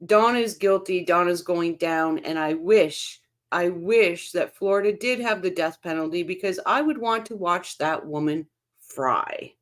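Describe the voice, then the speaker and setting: A woman hosts a casual true-crime livestream and chats her way through viewer comments. Her voice sits a little low for a woman, and she reads the comments aloud and reacts to them as she goes. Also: unhurried. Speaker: livestream host reading chat.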